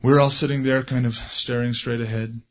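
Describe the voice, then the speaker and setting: A man preaching a sermon, animated, growing loud and high when he stresses a point. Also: brisk, muffled recording. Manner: animated, rising loud for emphasis. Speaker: pastor.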